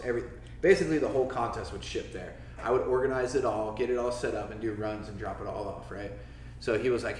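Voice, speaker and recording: His voice is fairly low and a little mellow. This Floridian man in his forties tells stories casually as a podcast guest, cursing freely and voicing quotes loudly, captured in an echoey room with a somewhat distant mic and faint background noise.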